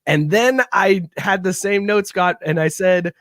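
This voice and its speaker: A man's voice: high voice, unhurried, a bit bright, no room sound, studio quality. Mocking man in podcast banter. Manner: mocking, laughs between jokes. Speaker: podcast co-host. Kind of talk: casual sports podcast banter.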